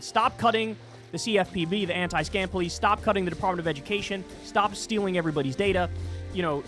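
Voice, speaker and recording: A man's voice: high-pitched, a bit bright. A man delivering indignant political commentary, sarcastic and full of swearing.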